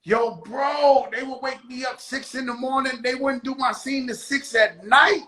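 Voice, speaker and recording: A man from the United States, the host of a casual chat show, talking in excited street slang with plenty of swearing. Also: very high voice, a little slow, low-quality recording.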